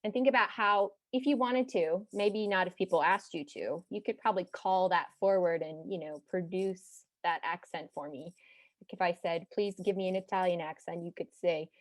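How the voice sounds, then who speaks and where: A young woman from Texas with no regional accent, telling a personal story to an audience in a chatty, animated way with side remarks. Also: fairly low pitch, moderate pace, no room sound. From Texas, United States.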